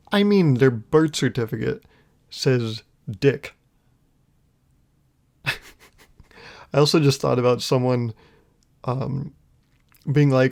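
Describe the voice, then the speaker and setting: Rambling young man with a gravelly voice. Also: medium pitch, unhurried, long pauses, darkish tone. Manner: rambling, laughs at his own jokes. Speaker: podcast host. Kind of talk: casual solo comedic monologue.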